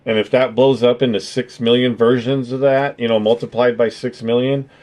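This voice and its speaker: A man's voice: medium pitch, flat delivery, normal speed, a little mellow. A man chatting casually on his livestream, rambling and earnest, swearing freely as he thanks his viewers. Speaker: streamer.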